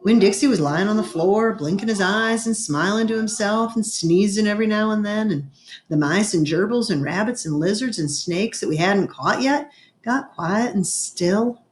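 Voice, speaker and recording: A woman reading a children's novel aloud in a gentle storytelling manner, slowing down for effect. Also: medium pitch. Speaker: reader. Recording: echoey room.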